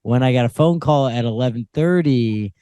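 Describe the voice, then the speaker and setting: A young man with a mid-pitched, everyday voice co-hosting a late-night podcast. He laughs often and teases dryly, and the sound is close and dead with no echo. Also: normal speed, warm tone, smooth. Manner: laughing often, dry teasing. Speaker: podcast co-host.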